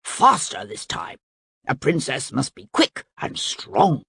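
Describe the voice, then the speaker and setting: A stern, fitness-obsessed king from a storybook, as a woman reading aloud puts him on. He talks in a lowered, commanding voice with lively ups and downs. The sound is close and dry. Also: slow pace, gravelly, breathy edge, no echo, heavily acted. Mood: bossy. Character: bossy fitness-obsessed middle-aged king.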